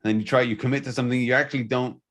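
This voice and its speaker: A man hosting a podcast in casual spiritual conversation, earnest and enthusiastic, speaking in quick bursts. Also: medium pitch, fairly even intonation, a bit bright. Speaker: podcast host.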